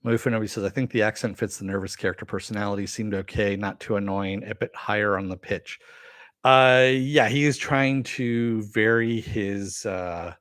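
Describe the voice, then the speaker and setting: A middle-aged man hosting a live-stream review, chatting casually and answering viewer comments with many fillers and pauses. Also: lowish voice, fairly bright tone, no room sound, studio quality. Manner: rambling, with frequent fillers and throat clearing.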